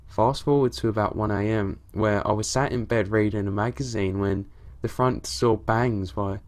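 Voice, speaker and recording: A man narrating a horror story in a steady, low-key way, with casual swearing. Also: normal speed.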